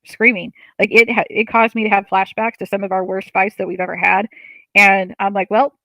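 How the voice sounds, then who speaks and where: A woman's voice: medium pitch, fairly even intonation, a little fast, fairly bright tone, no echo, low-quality recording. A woman hosting a casual livestream from her seat at home, reading viewer comments aloud and answering them in a chatty, open way with lots of fillers. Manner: chatty and open, many fillers, laughs often. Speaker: livestream host. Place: at home, seated.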